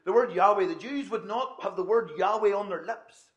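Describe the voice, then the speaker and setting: A man's voice: high voice, normal speed, lo-fi sound. A man preaching a sermon in a conversational way, with asides and restarts.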